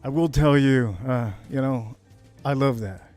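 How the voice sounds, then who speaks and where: A man from Miami hosting a casual whiskey livestream, brash and hyped, jumping to high shouts on catchphrases. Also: a little slow, dry recording, soft background music. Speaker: livestream host reviewing whiskey.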